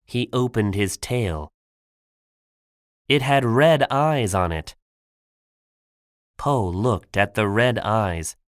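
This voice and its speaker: A man narrating a simple graded-reader audiobook for learners, clear and deliberate. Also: mid-range voice, no echo, clean studio sound.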